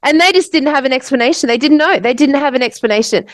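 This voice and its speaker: A woman's voice: high voice, fast, no echo, low-quality recording. An Australian woman co-hosting a podcast, telling a story in a breathless, vivid way and swearing freely. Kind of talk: casual podcast chat.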